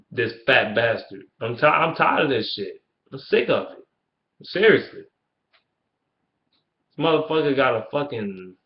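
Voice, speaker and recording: Man, angry fan rant, profane and repetitive, mid pitch, echoey dull lo-fi room. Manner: profane, heated, repetitive ranting. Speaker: sports fan vlogger. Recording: roomy, dull lo-fi sound.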